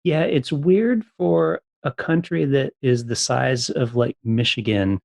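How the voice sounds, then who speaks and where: A man hosts a relaxed interview, cheering his guest on as he talks. His phrasing is halting and full of restarts. His voice sounds close and dry, set at an ordinary middle pitch. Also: vocal fry, no room sound. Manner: encouraging, halting with fillers and restarts. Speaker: podcast host. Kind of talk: casual interview chat.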